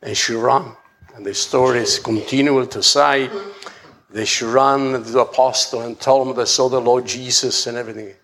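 A man preaching a sermon, halting and often repeating words as he restarts his phrases. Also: medium pitch, fairly even intonation, a bit bright, a little hiss or hum.

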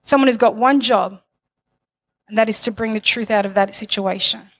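This sermon comes from a woman whose voice sits on the high side, delivered at an ordinary pace. Her preaching rises into fervent declarations as she asks the congregation for amens.

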